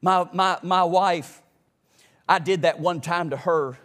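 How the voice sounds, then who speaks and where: A man preaching to his congregation in a notably high voice. His delivery rolls in a sing-song cadence, rising to shouts and dropping to hushed asides. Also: takes it slowly. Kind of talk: sermon.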